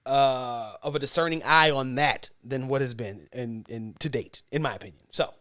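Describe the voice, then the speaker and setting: A man's voice: mid-range voice, normal speed, fairly bright tone, no echo, clean studio sound. A man hosting a sports podcast, talking casually and with strong opinions, rambling a bit and correcting himself as he goes. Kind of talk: casual sports talk monologue.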